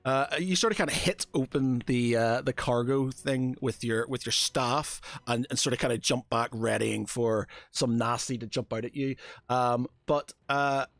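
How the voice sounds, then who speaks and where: A man's voice: mid-range voice, steady tone, moderate pace, a bit bright, dry recording. A man narrating a tabletop game as game master, hesitant and filling his talk with "sort of kinda".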